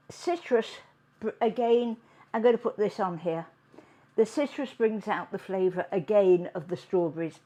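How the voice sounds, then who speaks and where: A woman hosting a home cooking demonstration, chatting in an unhurried way as she works in her kitchen. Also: medium pitch. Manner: chatty, unhurried, talks while working. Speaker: cooking show host.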